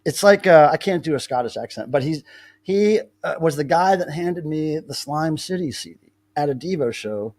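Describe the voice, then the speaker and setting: A man's voice: on the high side, animated, moderate pace, a little mellow. A man hosting a casual live stream, telling rambling stories with many restarts. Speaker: livestream host.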